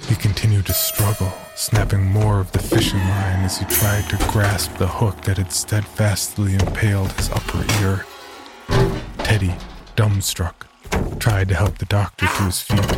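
Man, very low voice, scripted horror narration, measured, loud background music.

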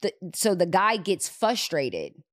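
Woman podcast host retelling a film, animated, lowish voice, dry close sound. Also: slow, dry recording. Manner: animated, repeats words for emphasis. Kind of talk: retelling a movie in casual chat.

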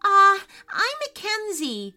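A woman voicing an excited, curious young girl in a children's story. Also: very high-pitched, slow, soft background music, pitched above the performer's own voice, exaggerated voice.

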